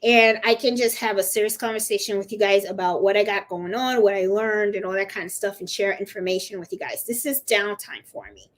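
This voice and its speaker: A middle-aged woman hosts a live crafting stream, her voice medium-pitched and fairly even as she talks briskly with few pauses. She chats in a rambling, casual way and coos to her dog every so often.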